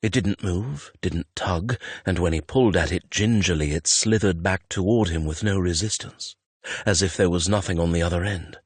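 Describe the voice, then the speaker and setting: A man's voice: deep voice, normal speed, slightly rough, no echo. A man reading a romance audiobook in a tense, dramatic narration on a close studio mic. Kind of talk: scripted narration.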